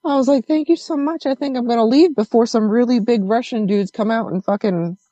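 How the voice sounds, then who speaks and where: A woman telling a story in casual conversation, animated and swearing as she acts out what others said. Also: on the high side, a little fast, dry recording, dull audio.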